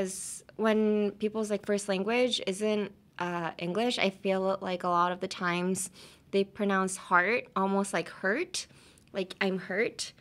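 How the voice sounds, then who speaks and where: A woman's voice: mid-range voice, fairly bright tone. Young woman, podcast host, pronunciation lesson, playful, laughs a lot, mixes English and Japanese. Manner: giggly and playful, laughs often. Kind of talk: casual teaching chat, mixing English with Japanese. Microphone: talking into a camera.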